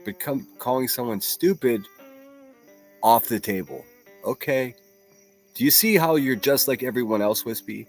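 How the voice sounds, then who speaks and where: A man's voice: mid-range voice, unhurried, long pauses, soft background music. A man hosting a solo livestream, giving blunt, profane and mocking reaction commentary.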